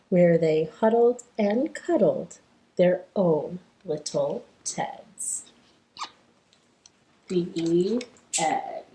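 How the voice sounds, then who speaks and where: A woman hosting a children's storytime, reading a story aloud and cheering the kids on in an animated, encouraging way. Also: mid-range voice, slight background noise. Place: living room. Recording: echoey living room.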